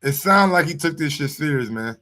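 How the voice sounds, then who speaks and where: A man hosting a sports channel who gives live-stream reaction commentary, loud and profane and talking straight to his viewers. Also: a little high, lively intonation, fairly quick.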